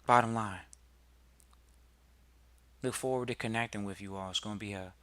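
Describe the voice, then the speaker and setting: A man hosting a podcast, giving a motivational talk full of rhetorical questions to listeners and building to loud emphatic peaks. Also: fairly low pitch, fairly even intonation, normal speed, dry recording. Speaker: podcast host.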